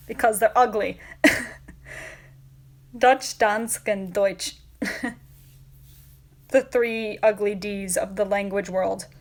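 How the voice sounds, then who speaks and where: A woman's voice: medium pitch, fairly even intonation, drawn-out words, long pauses. A woman hosting a casual livestream, chatting with viewers in a rambling way with many fillers and frequent laughs. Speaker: livestream host.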